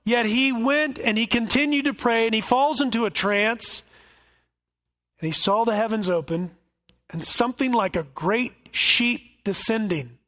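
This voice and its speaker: A man's voice: extremely high pitch, a little slow, a bit bright. A male pastor giving an expository sermon with folksy asides and jokes.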